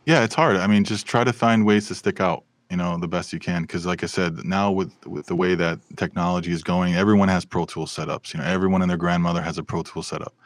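A man's voice: low-pitched, fast, few pauses, no echo. A man, a film and television sound mixer, telling stories animatedly in a casual podcast interview. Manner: animated storyteller with many fillers and restarts.

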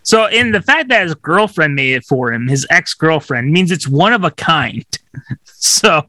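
Improv co-host, giggly, slow bright delivery, dry close mic. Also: mid-range voice, lively intonation, dry recording. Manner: giggly, acts out scenes with voices. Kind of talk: improvised comedy chat.

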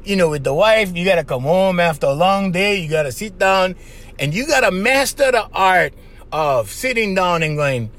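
A man hosting a podcast, giving casual advice in an animated monologue, laughing often and acting out little voices. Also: high voice, moderate pace. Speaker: podcast host.

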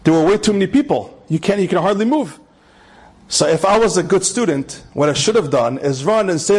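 A man's voice: high voice, expressive, brisk, husky. A man telling an inspirational story, emphatic and repeating key phrases, with Hebrew terms mixed in. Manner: sprinkles Hebrew and Yiddish terms.

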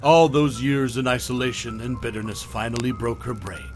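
A man giving a measured, scripted narration of a horror story. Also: medium pitch, soft background music.

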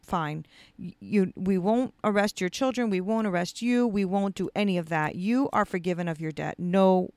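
A woman voicing a forgiving master in a retold story, speaking low and slow to reassure. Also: darkish tone, clean tone, no echo, natural voice. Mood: reassuring. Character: forgiving master, a grown man.

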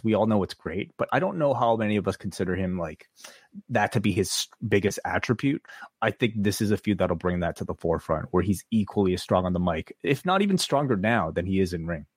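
A man's voice: sits low, breathy edge, no room sound, studio quality. A man co-hosting a wrestling review podcast, talking in casual chat, eager with his opinions and full of fillers and restarts.

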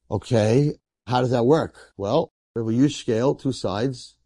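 A man, a rabbi, telling a story in a sermon in a lively, conversational way, acting out the people in it. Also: medium pitch, brisk, husky, no echo, clean studio sound. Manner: animated, conversational, acts out quotes.

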